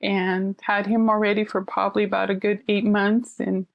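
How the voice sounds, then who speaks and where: A middle-aged woman, a counselor, telling stories in casual conversation and acting out quoted voices with lively animation. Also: mid-range voice, normal speed, creaky, no echo, muffled recording. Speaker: counselor sharing her story. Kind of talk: conversational storytelling.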